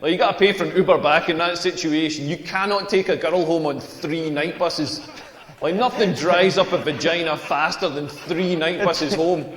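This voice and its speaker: High-voiced Scottish comedian in his forties. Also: fairly even intonation, moderate pace, a bit bright. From rural Scotland. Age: 40s. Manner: wry, self-mocking, laughs through lines. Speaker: stand-up comedian. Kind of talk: stand-up comedy set. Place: comedy club stage. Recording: echoey live venue with reverb.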